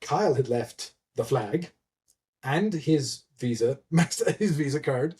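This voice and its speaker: A man spins loose anecdotes in a relaxed interview, restarting his sentences and reaching for fillers. His pitch sits in an ordinary middle range, and he laughs and curses easily as he goes. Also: slow pace. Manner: rambling, many restarts and fillers; laughs often, swears casually. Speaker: guest, event admin. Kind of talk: casual storytelling interview.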